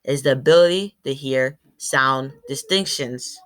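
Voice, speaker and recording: A woman's voice: very deep voice, unhurried. A woman presenting to a class. She stumbles over words, corrects herself, and says sample words aloud. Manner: demonstrates sounds aloud. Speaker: student presenter.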